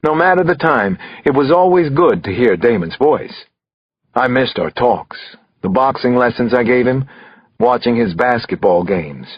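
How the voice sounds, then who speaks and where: Expressive male thriller narrator. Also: medium pitch, a little slow, slightly rough, no echo, lo-fi sound. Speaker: audiobook narrator.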